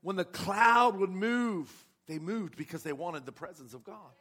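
A man's voice: sits high, expressive, measured pace, sharp tone. A man preaching a sermon with passion, asking his congregation rhetorical questions. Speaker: pastor.

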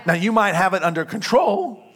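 Man, high voice, pastor, sermon in a church, emphatic call-and-response preaching. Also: big pitch swings, fairly quick, fairly bright tone. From California. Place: church sanctuary.

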